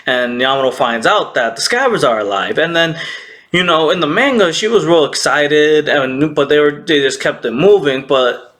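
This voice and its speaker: This is a man recapping an anime episode in a casual vlog. He is excitable, laughs easily, and keeps slipping into quick impressions of the characters. His pitch swings widely as he talks. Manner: excitable, laughs often, acts out characters' lines.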